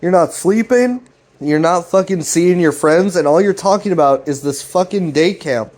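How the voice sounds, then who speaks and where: A man voicing an angry, worried older brother who swears as he shouts at his sibling, pitched well above his own voice. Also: normal speed, close to an everyday voice.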